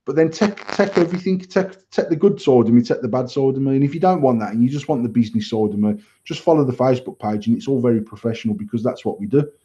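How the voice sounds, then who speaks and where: A man chats and rants on a banter podcast, cursing freely and acting out online arguments with plenty of energy. His voice is mellow and relaxed in tone. The recording sounds somewhat dull and lo-fi. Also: medium pitch, quick pace, few pauses. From England. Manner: swears a lot, animated retelling of arguments. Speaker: podcast co-host. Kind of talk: casual banter, storytelling.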